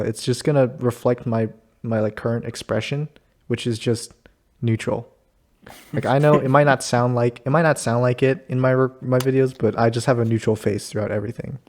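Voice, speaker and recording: Man, host, casual chat, easygoing, laughs often, mid-pitched voice. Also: a little mellow.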